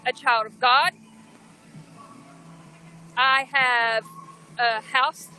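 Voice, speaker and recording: Southern woman, high bright voice, blunt defiant phone livestream rant. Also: steady tone, slow, long pauses, a little hiss or hum, rough recording. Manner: emphatic, blunt, indignant. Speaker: livestreamer at a protest.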